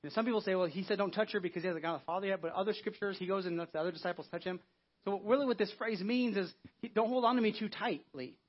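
A man's voice: high-pitched, fast, dull audio. A man preaching an Easter sermon as pastor in a conversational way, acting out biblical quotes. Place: church.

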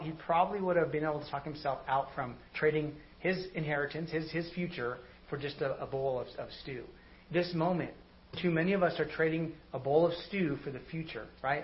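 A man preaching in a casual, conversational way, telling stories and often checking in with "right?". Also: a little high. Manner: animated storytelling with frequent "right?". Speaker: pastor. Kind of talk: conversational sermon. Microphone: recorded online service audio. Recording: slightly dull audio, faint noise.

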